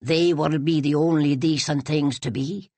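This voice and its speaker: A woman reading as a dignified old Highland Scottish widow, deep and rich-voiced, speaking with a slow, formal lilt. The recording is close and dry, with no room around it. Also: fairly even intonation, warm tone, no room sound. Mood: stately. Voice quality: rich, lowered voice. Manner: formal, lilting old-fashioned phrasing. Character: stately old Highland Scotswoman, proud and strange.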